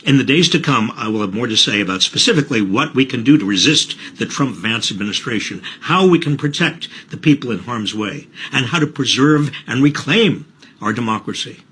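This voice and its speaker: Male politician, solemn prepared statement, bright, husky tone. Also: mid-range voice. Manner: measured, solemn.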